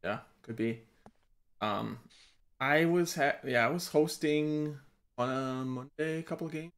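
A man's voice: a little high, unhurried, fairly bright tone. A young man streaming a shooter game and chatting with his viewers and friends over a headset, rambling a little. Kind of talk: casual gaming chat.

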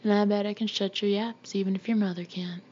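A woman's voice: mid-range voice, fairly even intonation, brisk, a little mellow, lo-fi sound, a little hiss or hum, natural voice. A woman reading the part of a short-tempered, blunt, threatening father in an audiobook.

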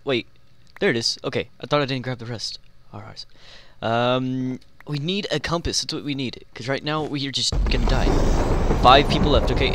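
A young man giving excitable, joking commentary while playing a game, talking to himself and the players around him. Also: medium pitch, slight background noise. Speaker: gaming YouTuber. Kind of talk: live Minecraft gameplay commentary.

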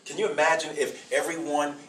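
A middle-aged man, a bishop, giving a speech to an audience in a preaching style. He stresses his points, repeats phrases and uses slow dramatic pauses. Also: fairly high pitch, flat delivery, a bit bright. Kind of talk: preaching-style public address. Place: event hall before an audience. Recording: echoey hall from far off.

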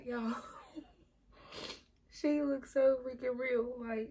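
A woman vlogging an unboxing, talking to her viewers in an emotional, breathy voice that often drops to a whisper, close to tears. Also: sits high, steady tone, slow, dark tone. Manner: addresses viewers as "y'all". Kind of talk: excited unboxing vlog.

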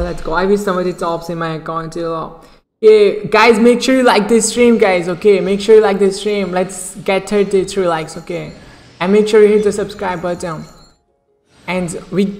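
A woman streaming a game, chatting casually and repeating filler words, often breaking into excited outbursts. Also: in a large hall. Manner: chatty, repeats "okay" and "bro", bursts into high excited shrieks. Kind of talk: casual live-stream chat while pulling in a gacha game.

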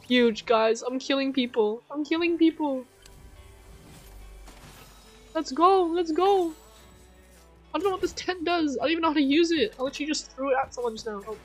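A woman streamer giving excitable live commentary on her gameplay, shrieking and laughing at each moment. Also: high voice, brisk, soft background music.

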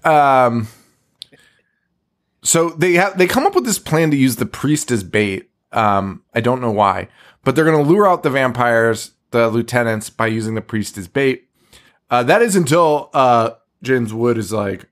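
A man's voice: medium pitch, animated, unhurried. A man co-hosting a horror movie podcast, swearing a lot and laughing while he acts out scenes. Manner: profane, laughing, acts out quotes. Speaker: podcast co-host. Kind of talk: casual movie chat.

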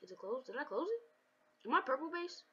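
A woman commentating her video game play with her child, taunting and excitable, slipping into sing-song trash talk. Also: high-pitched, moderate pace, slight background noise. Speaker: gameplay commentator. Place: home. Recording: dull lo-fi home recording.

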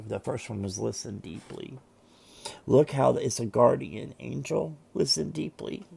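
A man with a deeply gravelly, rough-edged voice speaks to camera while seated at home. His speech is halting and emotional, full of restarts and pauses. His pitch sits in an ordinary middle range. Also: a little mellow. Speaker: tarot reader and vlogger. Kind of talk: casual heartfelt monologue to camera.

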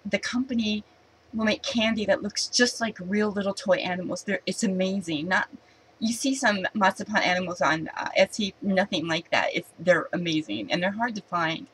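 Woman, casual home unboxing vlog, excited and giggly, mid-pitched voice, clear background noise. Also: normal speed, rough recording. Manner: chatty, excited, giggly, often restarting. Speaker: vlogger unboxing candy. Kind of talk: casual unboxing chat to camera.

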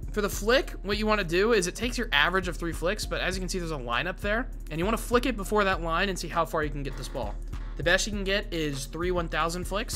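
A man running casual gameplay commentary, excitable and full of slang. His voice sits a touch high and has a bright, forceful edge. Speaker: gaming content creator.

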